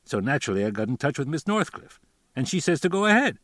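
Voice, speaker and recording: A man's voice: fairly high pitch, big pitch swings, fast, fairly bright tone, no room sound, clean studio sound, voice pushed up. A man voicing a chatty small-town realtor who tells a story in folksy, ungrammatical talk. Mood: gossipy. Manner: folksy rambling storyteller, colloquial grammar. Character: chatty middle-aged male small-town realtor, boastful.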